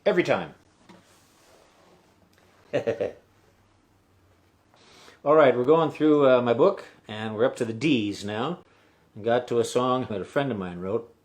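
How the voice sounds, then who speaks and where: Speaking at a medium pitch with an unhurried pace and long pauses, a middle-aged man tells a story between songs on his live stream. He's the musician hosting it, and his casual telling wanders, stopping and starting again and again. The sound comes through a webcam stream mic.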